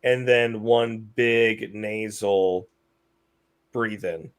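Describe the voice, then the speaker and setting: A man's voice: fairly low pitch, steady tone, very slow, smooth. A man co-hosting a casual livestream chat, laid-back and stammering on restarts.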